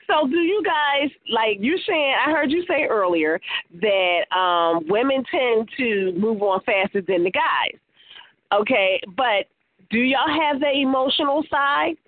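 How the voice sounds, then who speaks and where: High-voiced, teasing radio co-host woman. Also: expressive, a little slow, dry recording. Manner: teasing, questioning. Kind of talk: casual radio talk. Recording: phone-like narrow band, dry.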